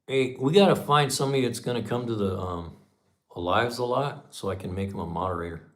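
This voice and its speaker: A man's voice: lowish voice, fairly quick. A man in his fifties hosting a livestream, telling a car story in a folksy, chatty way and acting out the dialogue. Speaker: channel host on a livestream.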